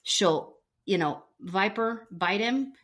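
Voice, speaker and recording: A woman's voice: mid-range voice, lively intonation, takes it slowly, fairly bright tone. A middle-aged woman co-hosting a podcast, telling a story and acting out the dialogue. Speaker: podcast co-host. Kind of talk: casual chat, storytelling.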